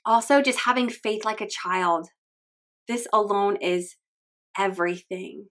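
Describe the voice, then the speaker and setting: A woman podcast host in her thirties talks about her faith in an earnest, heartfelt monologue. Her voice sits at a middle pitch, and she sounds close to tears as she speaks. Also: unhurried, fairly bright tone. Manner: earnest, heartfelt, tearful at times.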